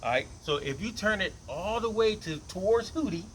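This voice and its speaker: A man teaching bass guitar, talking loosely and repeating phrases as he demonstrates tones, with bass notes played between his lines. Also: lively intonation, normal speed, fairly bright tone, slight background noise, poor audio. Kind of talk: casual instrument demonstration. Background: bass guitar playing between lines.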